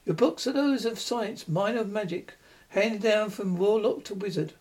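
Man reading as a shrill raving warlock, frantic, boastful, high-pitched. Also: moderate pace, darkish tone. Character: crazed male self-taught warlock, shrill and boastful.

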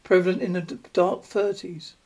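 A man's voice: high voice, flat delivery, moderate pace, darkish tone. A man doing a prim, fussy wife. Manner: read aloud with stumbles and restarts. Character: prim, fussy wife who scolds her husband.

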